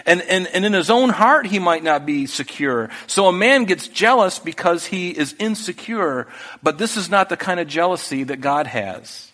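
A man's voice: sits high, lively intonation, normal speed, a bit bright. Earnest preaching man in a reverberant hall. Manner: earnest, conversational preaching with restarts and asides. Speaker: pastor. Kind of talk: sermon.

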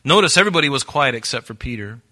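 A man preaching a sermon as pastor, animated and acting out quoted voices. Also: medium pitch, rapid-fire.

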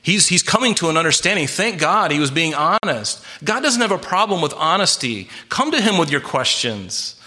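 A man's voice: on the high side, sing-song, normal speed, few pauses, bright, forceful tone. A man preaching a sermon, earnest and emphatic, with frequent restarts and repeated words. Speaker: pastor.

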